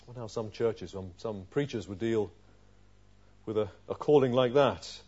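A man preaching an expository sermon. He puts questions to his listeners and moves from loud, stressed phrases to quiet asides. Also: fairly low pitch, normal speed, husky. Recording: dull lo-fi sermon recording.

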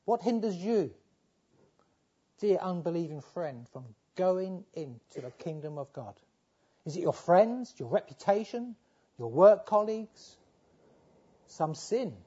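A man preaching a sermon, pleading with his listeners and swinging from fervent appeals to low, quiet passages. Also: sing-song, measured pace, pauses often, slightly rough, lo-fi sound.

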